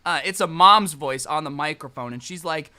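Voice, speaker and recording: A man's voice: fairly high pitch, moderate pace, bright, forceful tone, clear, resonant tone. A man telling a story in a casual vlog, with sarcastic joking asides. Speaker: storytime vlogger.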